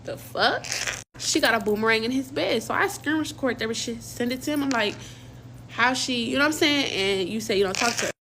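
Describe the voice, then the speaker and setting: A woman's voice: fairly high pitch, lively intonation, a little fast, a bit bright, a little hiss or hum. A young woman casually telling a personal story in slang, acting out quoted dialogue as she goes. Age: young adult.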